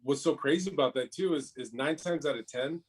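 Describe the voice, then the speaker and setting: A man's voice: fairly high pitch, fairly quick, slightly rough. A man as a guest in a casual chat, swearing casually and explaining things through comparisons.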